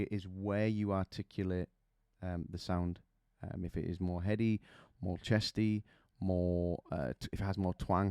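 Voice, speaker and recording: Man, vocal coach; deep smooth voice, dry close sound, teaching with vivid imagery. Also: mellow, dry recording. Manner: explains with images and rhetorical questions. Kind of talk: vocal technique lesson.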